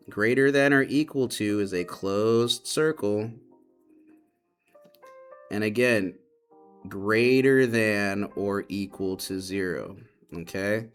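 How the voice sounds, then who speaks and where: A man teaching math, patiently explaining and repeating key points to his students. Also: fairly low pitch. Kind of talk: classroom lesson explanation.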